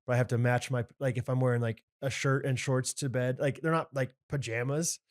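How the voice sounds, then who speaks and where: A man's voice: mid-range voice, steady tone, a little fast. A man co-hosting a podcast, chatting casually and rambling with plenty of "like" and fillers. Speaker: podcast co-host. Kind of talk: casual chat.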